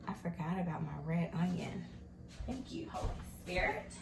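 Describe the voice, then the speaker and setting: A woman's voice: on the low side, moderate pace, creaky. A woman hosting her own home cooking show, chatting in an upbeat way and talking straight to her viewers as she cooks in her kitchen. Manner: chatty and upbeat, talks to viewers as "you guys". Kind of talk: casual cooking vlog chat. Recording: echoey room with noticeable background noise.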